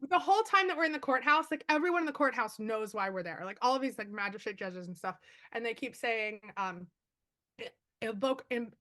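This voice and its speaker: A woman author on a video call, telling stories quickly and animatedly with lots of fillers. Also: medium pitch. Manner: fast, animated storytelling with many fillers. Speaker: author guest. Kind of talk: casual chat.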